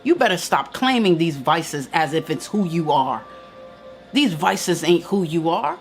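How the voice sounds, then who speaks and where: A woman's voice: fairly low pitch, big pitch swings, measured pace, faint music behind. A woman giving an emphatic, preacherly motivational talk on a live stream. She repeats her key lines and answers viewer comments. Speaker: spiritual teacher hosting a live stream.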